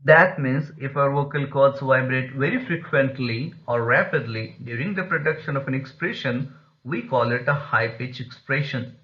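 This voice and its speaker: A man's voice: mid-range voice, normal speed, lo-fi sound. A man teaching an English pronunciation lesson, explaining step by step and repeating example phrases.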